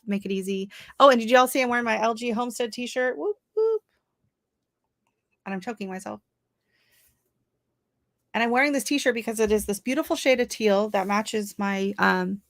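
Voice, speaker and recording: Woman, livestream host, chatty, laughs a lot, reads out chat, bright forceful voice, dry close sound. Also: medium pitch, no echo. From Canada. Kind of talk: casual livestream chat with viewers.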